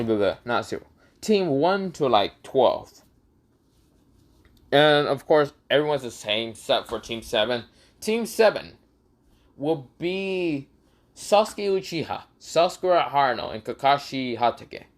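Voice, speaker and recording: A man spinning an improvised fan story, his pitch swinging widely as he narrates. He curses freely and laughs at his own jokes, with a loose, offhand delivery. His voice sits at an ordinary middle pitch. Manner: animated, swearing, laughing often.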